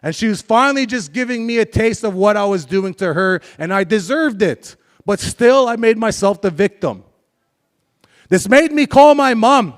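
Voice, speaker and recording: A man's voice: sits high, lively intonation, normal speed. A young man telling a candid, confessional life story to a live audience, joking with the crowd between heavy admissions. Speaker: speaker sharing his life story. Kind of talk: live motivational talk to an audience.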